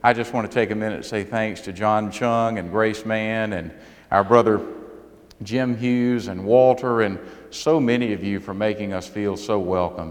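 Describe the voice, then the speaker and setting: Southern man preaching in a reverberant church. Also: on the low side. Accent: Southern American. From South Carolina. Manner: folksy storytelling, earnest. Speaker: guest speaker. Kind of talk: sermon. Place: church sanctuary. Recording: long hall reverb.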